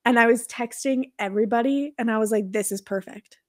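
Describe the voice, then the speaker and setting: A woman hosting a podcast in casual chat, gushing and excitable. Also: fairly high pitch, a little fast, dry recording, studio quality. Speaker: podcast host.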